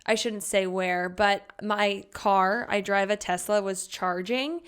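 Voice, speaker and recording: A woman's voice: mid-range voice, takes it slowly, clear, resonant tone. A woman co-hosting a podcast, telling stories in casual chat with a lot of "like". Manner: animated storyteller, heavy use of "like". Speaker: podcast co-host.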